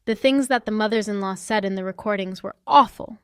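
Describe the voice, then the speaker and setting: A woman's voice: medium pitch, fairly quick, smooth, dry recording, studio quality. Woman narrating a sassy first-person story.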